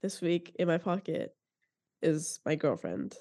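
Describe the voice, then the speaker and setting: A playful woman co-hosts a chatty film podcast with a mellow, relaxed tone. She jokes freely and fills her talk with "like" and "literally". The recording has slightly degraded audio quality. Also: low-pitched, a little slow. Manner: playful, jokey, says "like" and "literally" often. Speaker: podcast co-host. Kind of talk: casual chat.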